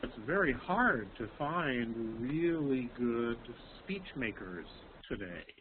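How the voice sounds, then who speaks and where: A man teaching English in an online language lesson, explaining slowly with many pauses and ums over a video call. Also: medium pitch, sing-song. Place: Texas. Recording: tinny call audio, faint hiss.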